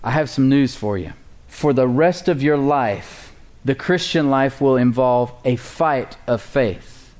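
A man's voice: mid-range voice, slow pace, a little mellow. A man preaching a sermon as pastor, emphatic and full of rhetorical questions to the congregation. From United States.

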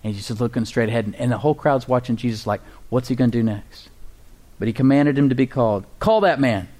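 A male pastor preaching an emphatic sermon to his congregation, with a mid-pitched voice. He keeps asking the room questions, his voice climbing for dramatic quotes and sinking quiet for reflective moments. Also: quick pace. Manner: emphatic, rises high for quoted cries and drops low and soft for stillness.

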